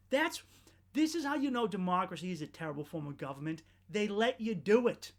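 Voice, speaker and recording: A man hosting a podcast, delivering a sardonic, profane comedic rant that rambles, restarts and swings between loud outbursts and muttered asides. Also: high voice, big pitch swings, fairly quick. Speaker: podcast host.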